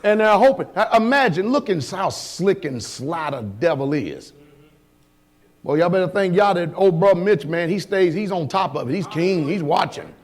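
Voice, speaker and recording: A pastor with a high voice preaches a sermon in a casual, street-level style at normal speed. Expressive throughout, he fires rhetorical questions at the congregation, slips into quiet asides, then builds to loud shouts.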